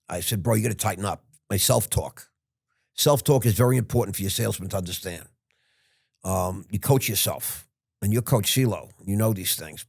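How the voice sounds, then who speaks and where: An older man tells a long story in a loose, rambling way, often stopping and restarting mid-sentence. His voice is low and husky, with a gravelly edge. The sound is close and dry. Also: darkish tone, dry recording. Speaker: podcast guest. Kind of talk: casual storytelling.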